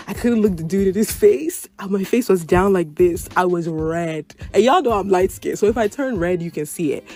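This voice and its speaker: A young woman hosting a podcast, telling personal stories in a casual, animated way and acting out quoted lines with sudden jumps in pitch. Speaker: podcast host. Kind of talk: casual storytelling.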